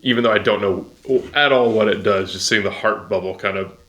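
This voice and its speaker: A man's voice: fairly low pitch, a little fast, a bit bright. A man playing a tabletop game, talking casually in a rambling, hesitant way with many restarts. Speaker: player. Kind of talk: casual tabletop role-play.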